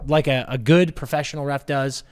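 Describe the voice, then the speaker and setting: A man's voice: mid-range voice, steady tone, brisk, clean tone. A man co-hosting a hockey podcast, telling a story in a profane, ranting, casual way. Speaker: podcast co-host. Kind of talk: casual chat.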